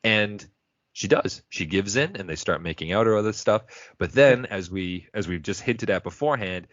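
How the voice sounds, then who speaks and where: A man co-hosting a podcast, casually retelling a cartoon episode with quick acted quotes. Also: fairly low pitch, fairly bright tone, no room sound, dull audio. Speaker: podcast co-host.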